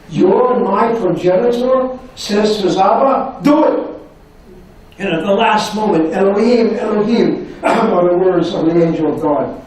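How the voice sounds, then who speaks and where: A man with a slightly high voice lectures with passion, firing rhetorical questions and dropping to near-whispers. He is picked up from far off in a very echoey university hall, with faint room noise behind him. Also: darkish tone. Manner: dramatic, impassioned delivery with many rhetorical questions; voice sinks to near-whispers at emotional moments. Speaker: professor giving a lecture. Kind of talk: public lecture. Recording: echoey hall recorded from afar.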